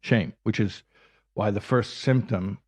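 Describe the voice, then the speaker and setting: A man's voice: on the low side, unhurried, a little mellow. A man in a reflective conversation who explains ideas step by step and repeats his key words.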